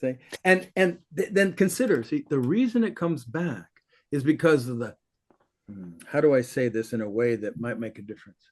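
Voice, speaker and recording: A man teaching in conversation, blunt and animated, laughing often and cursing casually, his voice swooping up high when he mimics others. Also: moderate pace. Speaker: spiritual teacher.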